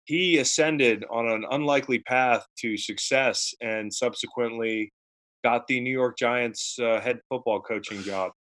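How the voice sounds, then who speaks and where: A man's voice: mid-range voice, measured pace, fairly bright tone. An adult man co-hosting a podcast in casual chat, wry and rambling, with some swearing. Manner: wry, rambling banter with profanity. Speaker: podcast co-host.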